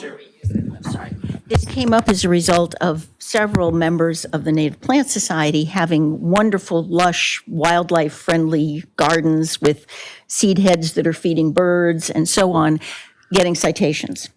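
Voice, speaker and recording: A woman's voice: fairly low pitch, a little slow, poor audio. A woman from a native plant society board speaking to a city committee, friendly and explanatory. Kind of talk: public comment at committee meeting.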